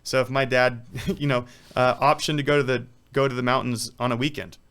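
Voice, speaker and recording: A man's voice: mid-range voice, flat delivery, brisk, fairly bright tone. A man, a professional athlete, talking casually in an interview, rambling through stories with lots of "like" and "you know.". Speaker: guest, professional water polo player.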